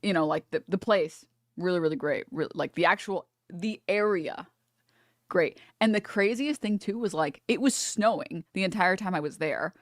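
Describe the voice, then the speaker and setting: Young american woman streamer, cursing a lot, animated storytelling, dry close mic. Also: fairly low pitch, normal speed, no room sound. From United States. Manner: animated, profane, laughs through her stories. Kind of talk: casual storytelling chat.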